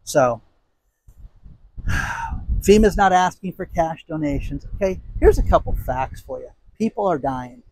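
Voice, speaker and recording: A man's voice: on the high side, lively intonation, measured pace, long pauses, dark tone, dry recording. A man hosting his own commentary channel, ranting outdoors in a heated, exasperated way with sarcastic asides. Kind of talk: angry commentary rant.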